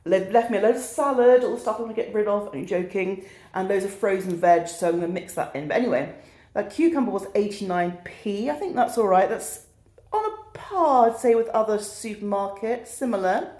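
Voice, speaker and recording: A woman's voice: mid-range voice, expressive, fairly quick, warm tone, roomy sound. A woman in her thirties with a British accent, chatting casually through a shopping haul in a self-mocking, easily sidetracked way. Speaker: vlogger.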